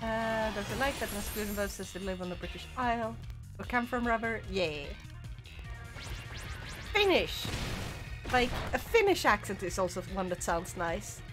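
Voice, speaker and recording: A woman's voice: medium pitch, normal speed, over music. A woman streaming a video game, chatting casually with her viewers and giggling often. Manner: giggly and chatty, reacting to chat. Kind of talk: casual livestream chat while playing.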